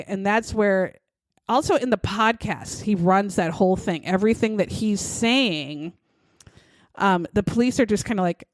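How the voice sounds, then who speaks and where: A woman's voice: mid-range voice, moderate pace, dry recording. Blunt, foul-mouthed woman podcaster. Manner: blunt, swears freely, acts out quotes. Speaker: podcast co-host. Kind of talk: casual true-crime chat.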